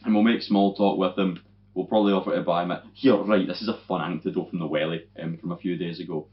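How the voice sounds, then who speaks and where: Young Scottish podcast co-host, deep voice, lively sweary storyteller, dull recording. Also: male voice, fast. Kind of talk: casual chat. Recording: dull lo-fi audio.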